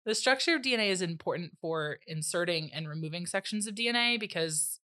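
A young adult woman co-hosting a casual science podcast, relaxed and agreeable, often laughing. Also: lowish voice, a little fast, dry recording, clean studio sound. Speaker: podcast co-host.

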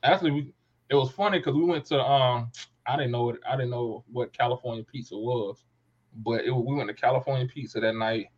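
A man's voice: medium pitch, brisk. A man in his thirties telling a rambling, slangy story in casual chat, often correcting himself. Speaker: podcast co-host telling a story. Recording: dull lo-fi recording.

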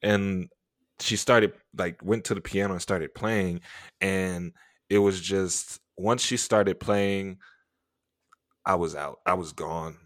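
A man's voice: sits low, slow pace, no room sound, clean studio sound. A man hosting a podcast, telling a story in casual chat and animatedly acting out what people said. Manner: animated, acts out quotes with laughs and whispers. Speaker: podcast host.

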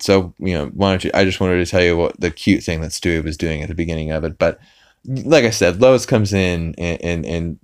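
Deep-voiced rambling podcast host. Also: male voice. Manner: rambling, many fillers and restarts. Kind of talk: casual episode recap.

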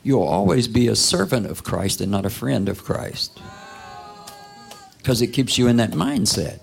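A man's voice: medium pitch, very animated, unhurried, creaky. A man preaching a sermon in a church, talking to the congregation in a conversational way, asking rhetorical questions and sometimes dropping to a whisper.

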